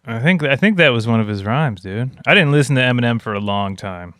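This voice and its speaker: A man's voice: medium pitch, animated, fast, fairly bright tone, no echo. A young adult man co-hosting a podcast in casual chat, rambling and joking and swearing freely. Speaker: podcast co-host.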